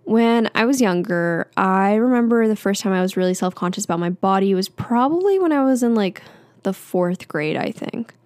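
A woman's voice: medium pitch, animated, normal speed, a little mellow, clear, resonant tone, no room sound. A young woman hosting her own podcast, talking casually and candidly with frequent fillers and light laughs. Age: young adult. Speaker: podcast host. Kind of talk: casual solo podcast chat.

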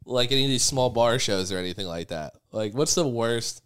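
A man in a loose podcast chat, ranting in a dry, profane way about comedy life. He sits at an ordinary middle pitch and talks with a sardonic edge. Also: lively intonation, brisk, a bit bright, smooth. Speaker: comedian guest. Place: Chicago podcast studio.

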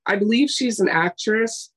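A woman's voice: mid-range voice, moderate pace. A woman co-hosting a casual chat, telling stories emphatically and acting out what people said. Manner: emphatic, retells scenes with quoted voices. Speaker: podcast co-host.

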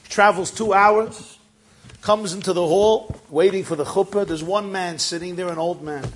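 A man telling an inspirational story in a lively, dramatic way. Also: high-pitched, normal speed, a little hiss or hum.

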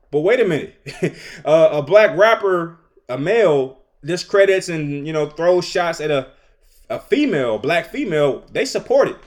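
A man with a voice pitched a little high talks through his podcast alone. He is opinionated and animated, and he chuckles between his points. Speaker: podcast host. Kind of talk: solo commentary monologue.

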